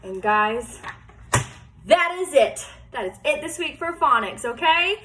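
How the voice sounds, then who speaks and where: A woman teacher giving a remote phonics lesson to young children, patient and encouraging, sounding out words slowly. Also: high-pitched, animated, a bit bright.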